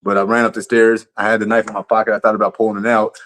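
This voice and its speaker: A man's voice: lowish voice, flat delivery, racing, fairly bright tone. A man livestreaming, telling a story in a casual, profane, rambling way with lots of restarts.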